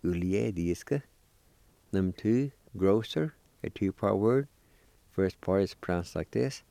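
Male language teacher, unhurried, gravelly tone, patient and encouraging. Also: deep voice, expressive, dark tone, dry recording. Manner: patient, encouraging, spells words out syllable by syllable. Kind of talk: slow recorded language lesson.

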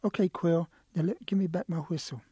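A man's voice: fairly high pitch, a little fast, dark tone, slightly rough, no echo, clean studio sound. A man voicing an old, cautious male turtle in a told folk tale, reluctant and hesitant.

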